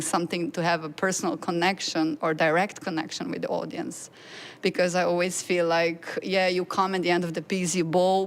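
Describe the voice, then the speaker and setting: A woman composer answering a question on a panel, speaking in a searching way and laughing between phrases. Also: lowish voice.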